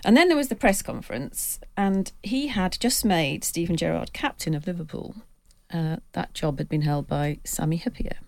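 A middle-aged woman on a sports podcast, spinning an anecdote with gusto and slipping into the voices of the people she quotes. Her voice sits fairly low. The sound is close and dry, with no room echo. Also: moderate pace, vocal fry. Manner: lively storyteller who acts out quoted voices. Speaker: football writer and podcast panellist.

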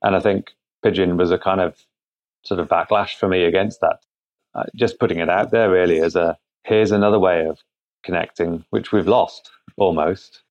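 Brief: man as an interview guest, very low and gravelly, unhurried and halting, heard over muffled remote call audio. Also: fairly even intonation, a little mellow. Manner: thoughtful, halting, frequent restarts. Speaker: guest, product founder. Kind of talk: conversational interview answers.

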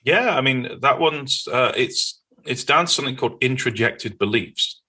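A man with a Northern English accent, a guest in an interview, telling stories in an earnest, animated way. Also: medium pitch, moderate pace, husky. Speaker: podcast guest. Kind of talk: conversational interview.

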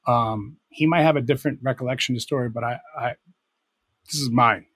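A man's voice: medium pitch, fast talker, slightly rough, no echo. A middle-aged man, a DJ and producer, telling rambling, self-correcting stories in a casual interview. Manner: rambling, self-correcting anecdotes with many fillers. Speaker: guest, DJ and producer.

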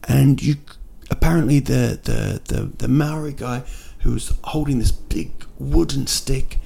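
A man's voice: medium pitch, measured pace, vocal fry, mellow, breathy edge. A man hosting a casual solo podcast, rambling and joking with lots of fillers and restarts, recorded indoors at night. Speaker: podcast host. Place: indoor room at night in a city.

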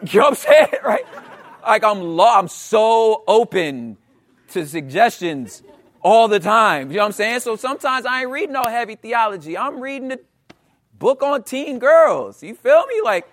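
A man in his thirties preaching a casual, conversational sermon, animated and slangy, often asking "you know what I'm saying". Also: sits high, moderate pace. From Los Angeles area.

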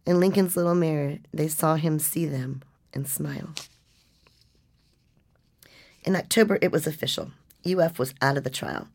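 A woman reading a nonfiction story as narrator, with a measured, restrained delivery. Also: sits low, darkish tone.

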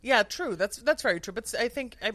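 A woman's voice: fairly high pitch, expressive, fast talker, fairly bright tone, no echo. A woman guest on a podcast, chatting casually and agreeably. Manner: chatty, agreeable, lots of fillers and laughs. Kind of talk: casual chat.

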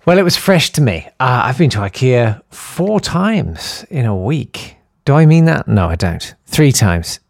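Rambling comedy podcast host. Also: male voice, medium pitch, big pitch swings, vocal fry, darkish tone, no echo, studio quality. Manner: rambling, self-deprecating, halting with fillers. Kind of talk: casual comic monologue.

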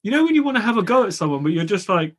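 A man's voice: high-pitched, very animated, very fast, a bit bright, husky. A man, a property developer, tells an exasperated story in a casual podcast chat.

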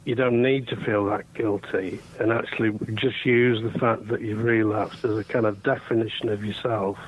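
A man co-hosting a radio chat, speaking reflectively and hesitantly, pausing often to find words. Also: lowish voice, fairly even intonation, breathy edge, highs cut off. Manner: reflective, hesitant, many fillers and pauses. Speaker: radio co-host.

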